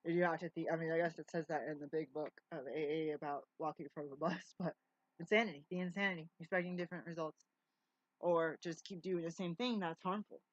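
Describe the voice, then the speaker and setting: A woman's voice: low voice, fairly even intonation, quick pace, no echo. A middle-aged woman talking to camera at home in a casual, rambling monologue, jumping between tangents and restarting her words. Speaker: vlogger. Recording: dry, slightly dull lo-fi sound.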